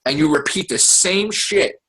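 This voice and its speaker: A man from the United States rants with plenty of swearing and exasperation, his voice swinging widely up and down. His tone is somewhat husky and sits a bit high for a man. It is a casual podcast chat. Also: a little slow. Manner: profane, animated, exasperated. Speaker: podcast host. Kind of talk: heated casual political rant.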